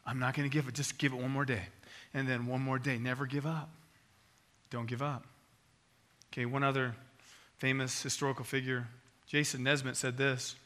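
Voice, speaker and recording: Bright-toned guy preaching, pushes hard on repeated lines, gets loud then drops. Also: mid-range voice, little pitch movement, moderate pace, long pauses. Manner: emphatic, repetitive exhortation with sudden swells in volume. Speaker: pastor. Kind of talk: sermon with closing prayer.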